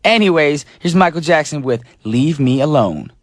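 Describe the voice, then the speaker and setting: Hoarse radio DJ, chatty. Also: male voice, on the high side, animated, moderate pace, dry recording, studio quality. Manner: chatty, joking, many fillers. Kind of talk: casual radio chat.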